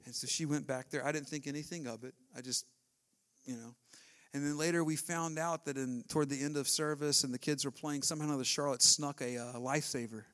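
A man, preaching a sermon with emotion, swinging from hushed passages to loud exclamations. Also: on the high side. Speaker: pastor.

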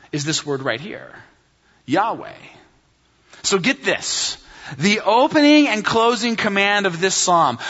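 A man's voice: sits high, bright, forceful tone. A man preaching a sermon as pastor, emphatic, repeating key phrases and calling his listeners friends. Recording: dull sound with long hall reverb.

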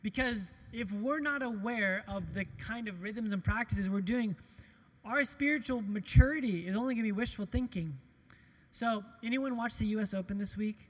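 Middle-aged male pastor, lively storytelling sermon, light on himself; higher voice, big hall reverb. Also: normal speed. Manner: animated, storytelling, self-deprecating humor. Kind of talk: conversational sermon with personal stories.

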